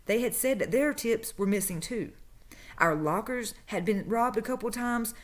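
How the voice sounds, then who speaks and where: A woman's voice: fairly high pitch, normal speed. A woman, casually telling a story about her old job and acting out the people she quotes. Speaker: vlogger telling a work story.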